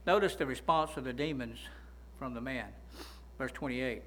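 Male pastor, high and ringing voice, preaches and keeps checking in with the pews. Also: very animated, a little fast, a bit bright, poor audio. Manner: preaching with frequent "right?" and "amen?" prompts to the congregation. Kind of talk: sermon.

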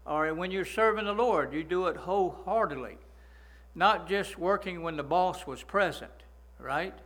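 Pastor preaching, folksy, keeps asking "right?", slightly high pitch. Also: male voice, fairly bright tone. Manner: folksy, asks the congregation for agreement; slows down to stress key phrases. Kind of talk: sermon.

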